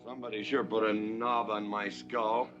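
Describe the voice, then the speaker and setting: An actor playing a tipsy, brawling rich rancher in a 1960s film, talking in a blustering drawl. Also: male voice, on the low side, little pitch movement, moderate pace, over music, lightly acted. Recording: muffled old film soundtrack.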